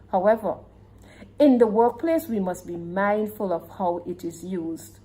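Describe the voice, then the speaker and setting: A woman's voice: medium pitch, darkish tone, rough recording. A woman student giving a formal oral presentation with emphatic delivery.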